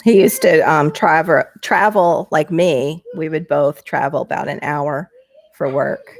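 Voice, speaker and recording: Middle-aged woman, casual livestream chat, headset mic, fairly low voice, dry close sound. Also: a little slow, no echo. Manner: chatty, laughs often, voice jumps up when excited. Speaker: livestream host reading viewer chat. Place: small home bedroom.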